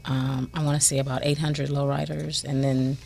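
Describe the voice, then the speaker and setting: A woman's voice: a bass voice, level tone, normal speed, vocal fry, a little mellow, a little hiss or hum. A woman talking as a guest on a talk show, in a plain and matter-of-fact way. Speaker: guest, road captain. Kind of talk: casual chat.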